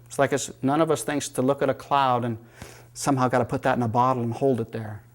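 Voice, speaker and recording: A man teaching yoga philosophy in a calm, reflective manner and telling teaching stories. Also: medium pitch, fast talker. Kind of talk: spiritual lecture.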